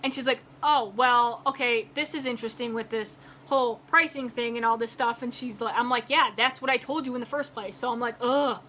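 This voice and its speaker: High bright-voiced woman venting. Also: fast talker, few pauses, a little hiss or hum. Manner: animated, acts out both sides of a phone call; exasperated, voice rises when heated. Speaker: vlogger. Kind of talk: casual storytelling rant.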